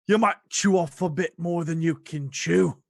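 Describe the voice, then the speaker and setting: A man voicing a gruff male dwarf who gives a low, muttered warning in a tabletop game. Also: normal speed, darkish tone, no room sound.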